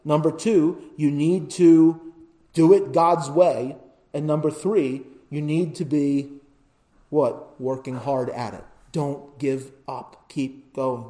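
Man, high voice, pastor, sermon, loud emphatic builds, quiet pleading drops, keeps asking "right?". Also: fairly even intonation, slow. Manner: asks the congregation "right?".

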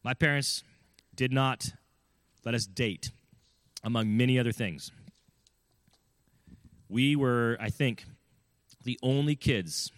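In a storytelling talk offering parenting advice, a man with a medium-pitched voice shares a personal story earnestly and emphatically, often asking his listeners questions. There's no echo.

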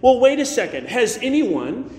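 A man preaching an expository sermon, measured and emphatic, slowing down to stress key words. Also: extremely high pitch, very animated, a little mellow. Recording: roomy hall reverb.

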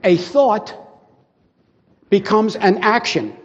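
An older man preaches in a rambling, conversational way, breaking off into asides and restarting his sentences. His voice sits fairly high for a man. The sound is a little dull and carries a long hall reverb. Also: slow pace. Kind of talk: sermon with personal story.

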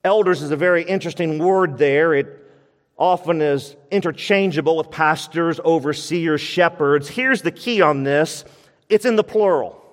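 A man's voice: a little high, normal speed. A man preaching a sermon as pastor of a church, emphatic and repeating his key points. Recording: long reverb of a church hall.

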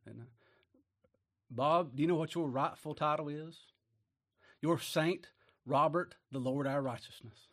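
A man preaching a sermon in a folksy way, asking rhetorical questions and swinging between loud declarations and low, quiet asides. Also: normal speed, pauses often.

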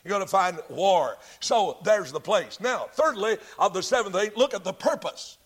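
A man's voice: high voice, lively intonation, moderate pace, breathy edge. A man preaching a Baptist sermon, emphatic, repeating key phrases and drawing out stressed words.

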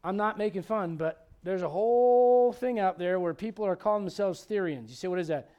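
A pastor preaching a conversational sermon, joking, asking the congregation questions, and swinging between loud emphatic lines and quiet asides. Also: male voice, high voice, fairly quick, lo-fi sound. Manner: humorous, asks the congregation questions.

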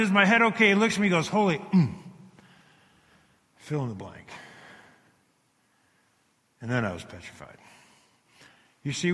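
A man telling a dramatic survival story to a live audience, halting and repeating words as he swings between hushed and loud. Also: on the high side. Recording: long hall reverb.

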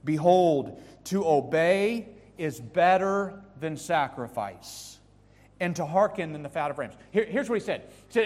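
A man preaches with insistent emphasis, his fairly high voice rising on key words and dropping to near hushes. The sermon rings out through a large hall with a long, lingering reverb. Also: lively intonation, unhurried. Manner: emphatic, swings from loud to hushed. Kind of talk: sermon to young people.

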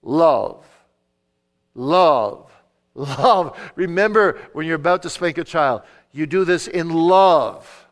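A middle-aged man preaching at a conference, his fairly high voice earnest and emphatic. He drops to a quiet, storytelling tone when he shares anecdotes, and quotes scripture with measured weight. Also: expressive. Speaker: conference speaker on parenting. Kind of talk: sermon-style teaching talk.

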